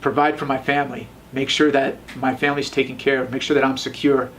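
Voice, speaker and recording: A man's voice: medium pitch, flat delivery, fast, a bit bright, recorded from a distance, a little hiss or hum. A man in his thirties, a tattoo shop owner, tells his story in a casual interview, rambling and often restarting. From Las Vegas, USA.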